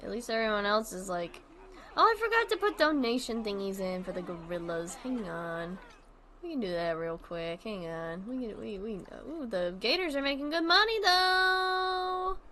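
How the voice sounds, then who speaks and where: A woman's voice: a little high, expressive, moderate pace, sharp tone, slight background noise. A woman streaming a game in casual chat, rambling and chatty, often trailing off, restarting and swearing casually. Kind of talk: casual chat while playing a zoo-building game.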